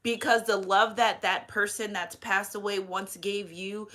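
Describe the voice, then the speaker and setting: A woman's voice: medium pitch, flat delivery, measured pace, pushed and bright. A woman in her thirties giving a casual spiritual reading as a medium, chatty and rambling, emotional, with many restarts and asides. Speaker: tarot reader and medium.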